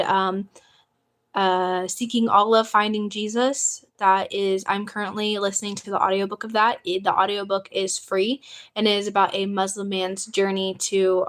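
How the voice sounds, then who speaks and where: A woman's voice: mid-range voice, a bit bright. A young woman from the United States hosting a casual livestream, chatting eagerly and answering viewers' questions. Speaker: livestream host. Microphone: phone.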